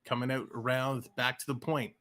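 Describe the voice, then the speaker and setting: Bright-voiced man calling hockey live. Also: mid-range voice, moderate pace. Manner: excited, chatty, laughs at mishaps. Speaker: play-by-play streamer. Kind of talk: amateur live play-by-play commentary. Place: home room with a TV behind him.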